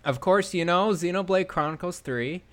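A man co-hosting a gaming podcast, chatting casually and excitably, often trailing off mid-sentence. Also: high-pitched, normal speed. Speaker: podcast co-host.

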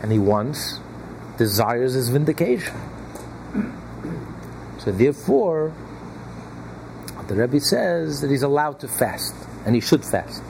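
A man leads a small study group at an even, middling pitch, pressing his points with emphatic repetition. He chuckles now and then as he explains. A faint hum sits under the recording. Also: slow pace, gravelly, pauses often. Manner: emphatic, repeats key phrases, chuckles often. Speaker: Torah class teacher.

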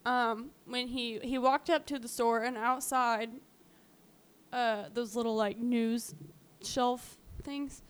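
A woman co-hosting a podcast retells a true-crime story casually, her voice on the high side with fairly even intonation. She speaks slowly and smoothly, chatting away with plenty of "um" and "like" and acting out the quotes.

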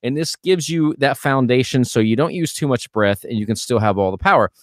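A man teaching singing technique as a vocal coach, animated and demonstrating sounds as he explains. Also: mid-range voice, brisk, no room sound, studio quality. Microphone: studio microphone.

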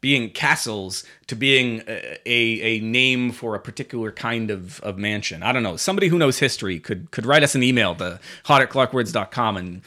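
A man's voice: medium pitch, expressive, normal speed, hardly any pauses, sharp tone. A man co-hosting a podcast, chatting casually, rambling with frequent restarts and casual swearing. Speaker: podcast co-host. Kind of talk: casual chat.

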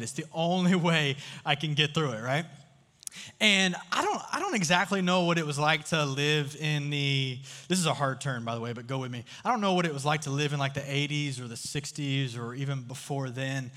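A man with a fairly high, fairly bright voice speaks briskly as a youth speaker in front of a live audience in a large room. His sermon is casual, full of stories and jokes, with frequent questions to the crowd, and the recording carries long hall reverb.

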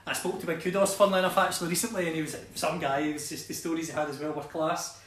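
A man's voice: fairly high pitch, steady tone, rapid-fire, fairly bright tone, echoey room. A man hosting a casual interview, asking brief questions. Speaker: podcast host.

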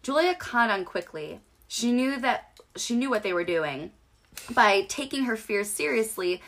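A woman's voice: mid-range voice, a bit bright. Woman reading a creepy story aloud. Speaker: podcast co-host.

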